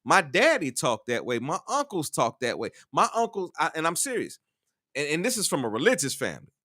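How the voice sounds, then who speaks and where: Guy on a talk show going off, swearing a lot, bright lively voice, dry sound. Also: fairly high pitch, fairly quick, dry recording. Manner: animated, profane, repeats himself a lot. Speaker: co-host. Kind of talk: casual podcast chat.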